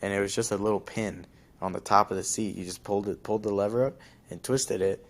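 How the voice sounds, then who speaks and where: Deep-voiced young man telling a story. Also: fairly even intonation, fast. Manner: rambling, lots of fillers and likes. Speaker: podcast host. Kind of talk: casual storytelling.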